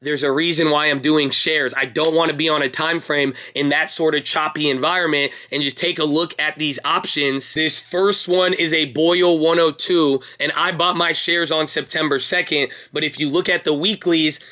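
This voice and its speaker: A man's voice: on the high side, steady tone, normal speed, few pauses, pushed and bright. A young man hosting a casual stock market recap, hyped and talking straight to his viewers like friends. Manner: hyped, pep-talk energy, calls viewers baby and bro. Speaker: stock market video host.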